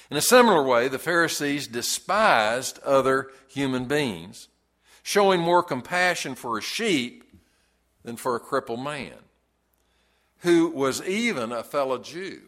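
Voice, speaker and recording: A man preaching a sermon, deliberate and emphatic, leaning hard on key words. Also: medium pitch, fairly bright tone.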